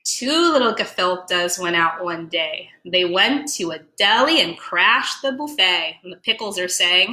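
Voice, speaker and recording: A museum educator reads a picture book to children slowly and unhurriedly, her bright, high voice swooping with lively expression. She often pauses to explain words playfully, and the room sounds echoey.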